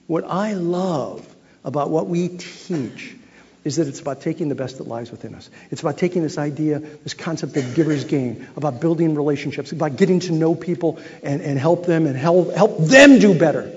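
High-voiced man telling an animated story. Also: normal speed. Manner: animated, acts out other people's lines. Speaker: keynote speaker. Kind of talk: storytelling speech to a live audience. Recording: echoey hall, slightly dull sound.

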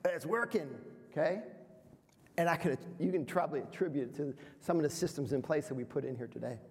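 A man's voice: fairly high pitch, fairly quick. A man in his fifties giving a motivational seminar talk to business owners, playful and self-deprecating, quizzing the audience. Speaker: speaker at a business workshop. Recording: reverberant hall sound.

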